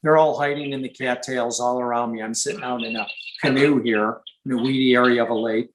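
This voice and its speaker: A man from Michigan teaching about frogs in a relaxed, chatty live presentation, now and then imitating frog calls. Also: mid-range voice, a little fast, slight background noise, rough recording. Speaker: nature educator.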